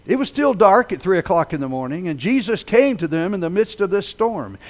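Male pastor, sermon, lively pitch that swoops widely, builds and drops for dramatic storytelling. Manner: dramatic storytelling delivery, swelling loud then dropping low.

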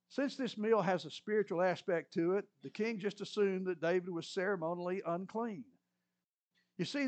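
A middle-aged male preacher retelling scripture as a story in a folksy, conversational sermon, often clearing his throat. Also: high voice.

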